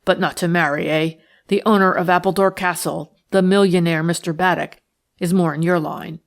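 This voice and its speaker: A woman reading the lines of a rough, jealous man who threatens and boasts in a harsh, coarse manner. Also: steady tone, normal speed, close to an everyday voice. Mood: menacing. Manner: sullen, menacing, low-voiced. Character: rough jealous male schemer, bitter and threatening. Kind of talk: audiobook character reading.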